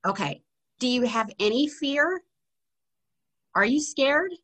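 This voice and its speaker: A woman's voice: high-pitched, expressive, slow pace, a bit bright. A woman interviewing a guest with direct, probing questions. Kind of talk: conversational interview.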